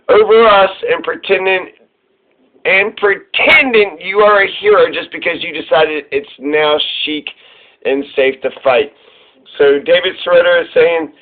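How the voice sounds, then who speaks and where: High-voiced man ranting sarcastically. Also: measured pace. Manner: sarcastic, profane, mocking. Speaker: political commentary host. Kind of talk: ranting commentary on played clips. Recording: tinny phone-like audio.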